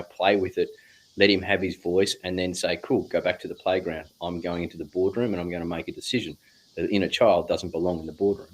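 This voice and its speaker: A guest speaks in a low register at an unhurried, drawn-out pace, reflecting on spiritual ideas. He muses aloud and casually drops the occasional swear word.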